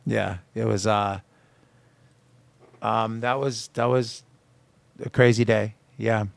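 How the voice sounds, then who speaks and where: A man's voice: on the low side, takes it slowly, gravelly, no room sound. A man, a singer, telling personal stories in a radio studio interview and acting out the lines of people in them. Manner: animated storyteller acting out quoted dialogue. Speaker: singer-songwriter guest.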